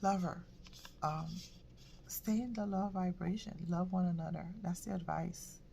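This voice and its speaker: A woman giving a casual tarot reading, halting and reflective, often repeating words and dropping into soft whispers. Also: lowish voice, creaky, a little hiss or hum. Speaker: tarot reader.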